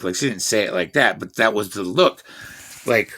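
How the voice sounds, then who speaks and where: A man's voice: fairly low pitch, a little fast, pushed and bright. A man in his fifties telling rambling personal stories in a profane, boastful, meandering way. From Washington State, USA. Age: 50s. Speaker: vlogger.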